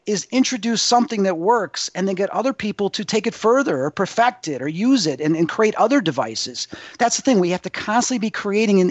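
A male guest telling an excitable, rambling story as a paranormal investigator, acting out other people's voices. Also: high-pitched, no echo, muffled recording. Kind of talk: animated anecdote storytelling.

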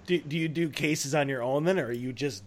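A man hosting a casual interview, hesitant, stammering and quick to laugh. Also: a little high, a crowd in the background. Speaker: podcast host.

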